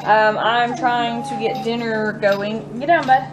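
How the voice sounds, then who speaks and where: Chatty Southern mom in a noisy kitchen. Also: female voice, on the high side, steady tone, takes it slowly. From Mississippi. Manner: chatty, giggly, playful voices. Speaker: vlogger, mother. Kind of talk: casual home vlog. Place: home kitchen.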